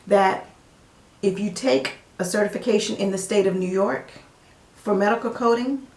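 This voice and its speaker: A woman's voice: mid-range voice, creaky, echoey room. A woman with a Southern US accent, teaching medical coding in a casual, folksy way with everyday examples. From American South.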